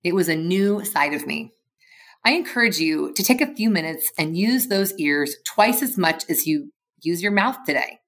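A woman speaks in a fairly low voice, telling a workplace story in a steady, measured way. She sounds like a leadership facilitator giving a reflective podcast segment.

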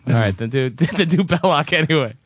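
A man co-hosting a casual podcast chat, excitable and often breaking into laughter. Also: a little high, fairly quick, husky, no echo. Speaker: podcast co-host.

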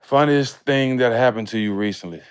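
A man's voice: medium pitch, normal speed, smooth. A man co-hosting a casual podcast chat, easygoing and slangy. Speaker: podcast co-host.

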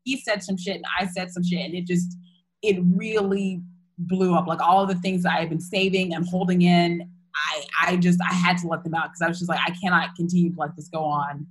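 A woman's voice: on the low side, level tone, a little fast, breathy edge, rough recording. A young woman candidly retelling a personal story in casual chat, full of fillers and restarts.

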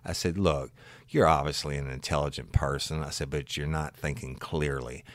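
A man, a former patrol deputy, telling a story from one of his calls in a blunt, animated way and swearing freely. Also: very deep voice, moderate pace, no room sound. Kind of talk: casual true-crime storytelling.

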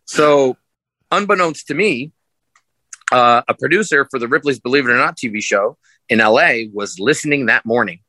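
Here a man's mid-range voice moves at a normal speed as he spins casual, rambling tales on a podcast, drawing on his life as a sideshow performer. He animatedly acts out what others said in a louder voice; the audio is low-quality but echo-free.

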